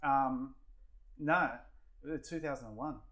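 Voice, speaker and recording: A man's voice: medium pitch, unhurried, a bit bright. An Australian man in his forties, a guest telling rambling stories in casual chat, swearing freely and leaning on fillers. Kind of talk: casual storytelling.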